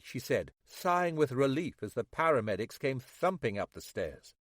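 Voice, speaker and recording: A man reads a mystery audiobook in a steady, measured voice, shaping each sentence with a lively, varied pitch. The recording is close and bone dry. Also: no room sound. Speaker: audiobook narrator. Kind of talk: scripted narration.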